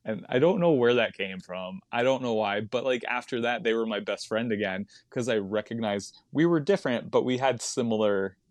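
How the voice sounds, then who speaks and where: A man's voice: medium pitch, normal speed, hardly any pauses, no room sound. A man, a stand-up comedian chatting as a podcast guest, rambling into tangents and laughing often. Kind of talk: casual podcast chat.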